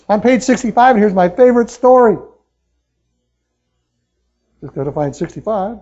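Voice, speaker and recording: A man speaking as a motivational speaker at a sales meeting, talking excitedly and pushing the crowd with questions in a live seminar talk. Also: high voice, muffled recording. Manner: excitable, pushy, talks straight to the crowd with questions.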